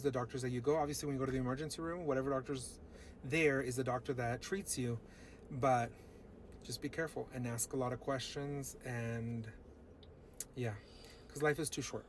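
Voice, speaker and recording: A man's voice: medium pitch, fairly even intonation, a little fast, slight background noise. A man tells a personal story to his viewers in a casual, earnest and encouraging way. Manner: earnest, upbeat, encouraging, talks straight to viewers. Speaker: vlogger.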